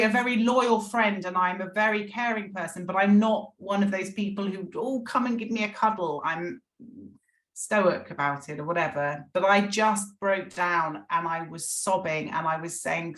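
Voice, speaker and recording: A woman's voice: on the low side, a little slow, a bit bright. A middle-aged woman, a podcast guest telling her recovery story in an earnest, emotional way. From England. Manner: earnest, emotional, frequent restarts. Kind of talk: candid personal recovery story. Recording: echoey room.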